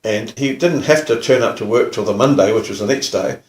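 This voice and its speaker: An older man with a New Zealand accent, a retired police officer telling stories in a relaxed, casual way. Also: medium pitch, brisk, roomy sound. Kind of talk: casual storytelling.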